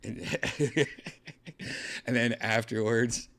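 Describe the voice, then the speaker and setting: A man telling a casual story as host of his own show, rambling, correcting himself, and jumping up into high voices to mimic people. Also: expressive, slow, fairly bright tone. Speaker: podcast host.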